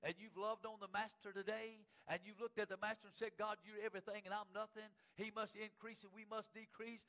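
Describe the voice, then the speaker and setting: A man preaching a sermon as pastor. He repeats phrases for emphasis and swings between loud cries and hushed low lines. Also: level tone, brisk, rough recording. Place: church sanctuary.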